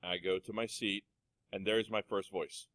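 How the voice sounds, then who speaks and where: A middle-aged man teaching a class how to use music software, talking casually and calling his students guys. His voice sounds dry and close, with no room echo, as if recorded at a desk. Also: lowish voice, steady tone, unhurried. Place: computer lab classroom.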